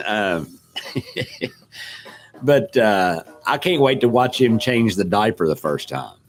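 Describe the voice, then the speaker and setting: A man's voice: fairly low pitch, big pitch swings, slow pace, creaky, a little hiss or hum. Rambling middle-aged man chatting. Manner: rambling and self-deprecating, greets chat viewers. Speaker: live stream host. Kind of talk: casual live-stream chat. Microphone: desk microphone.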